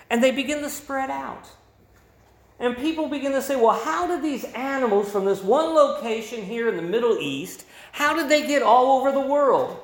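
A man preaches a sermon in a high-pitched voice. He leans hard on repeated phrases and swings between loud emphasis and quiet asides. The sound carries the echo of a roomy hall. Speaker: pastor.

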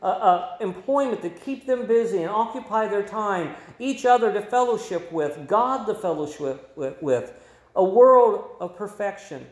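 A man preaching a sermon, reading scripture aloud and explaining it in a measured teaching manner. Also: high-pitched, expressive, reverberant.

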